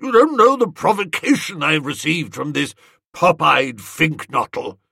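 Aggrieved hulking bully, sulky and pleading, read by a male narrator; lively pitch, dry sound. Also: moderate pace, creaky, breathy edge, dry recording, exaggerated voice. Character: blustering bullying large man, aggrieved.

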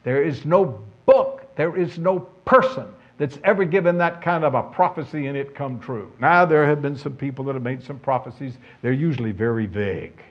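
A man's voice: medium pitch, moderate pace, hardly any pauses. A man preaching a sermon, emphatic and conversational, putting questions to his listeners. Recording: dull lo-fi sound.

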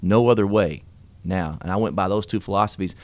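A middle-aged man hosting a radio show, telling his story in an earnest, animated, folksy way. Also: low-pitched, fairly quick. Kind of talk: casual storytelling and motivational talk.

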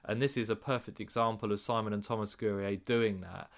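A man hosting a podcast, introducing segments in a measured, slightly hesitant way. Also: lowish voice, fairly even intonation. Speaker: podcast host. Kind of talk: casual podcast chat.

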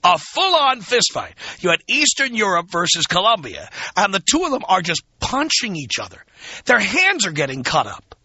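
A male talk radio host tells a blunt, emphatic story in a loose, conversational monologue. His voice is bright, tense and a bit higher than most men's. The broadcast sounds dull and lo-fi. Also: huge pitch swings, moderate pace, slightly rough, dry recording.

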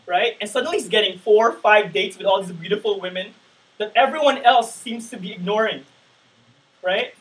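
Male preacher, high voice, casual talky sermon, distant mic. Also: brisk. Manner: conversational, keeps asking the room "right?".

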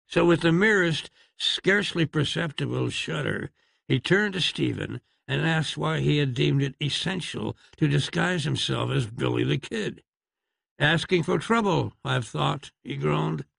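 A man's voice: mid-range voice, vocal fry, a bit bright, breathy edge, dry recording. A man narrating an audiobook expressively, with a wry, arch storytelling manner.

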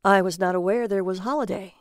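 A woman voicing a wry, deadpan male traveler in a noir audio story, in close to her own voice. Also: medium pitch, fast, no room sound, close to an everyday voice.

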